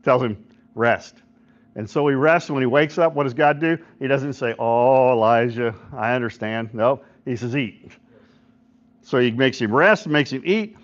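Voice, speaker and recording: A man's voice: mid-range voice, expressive, moderate pace. A middle-aged man, a pastor, gives an informal devotional talk at a men's breakfast, often checking in with listeners and retelling stories with quoted voices. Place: church hall at a men's breakfast. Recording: dull lo-fi recording.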